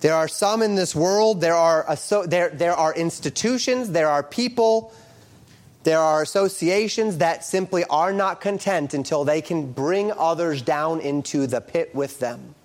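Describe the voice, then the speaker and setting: Preacher man reading scripture. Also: unhurried. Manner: reads King James scripture aloud and expounds it verse by verse; emphatic, lively rises and drops in pitch and volume. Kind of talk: sermon.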